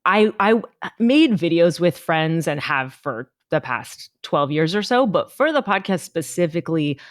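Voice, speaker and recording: Playful woman guest, lowish voice, flirty and animated, dry sound. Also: unhurried, dry recording. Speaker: podcast guest. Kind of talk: casual chat. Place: remote recording, separate room.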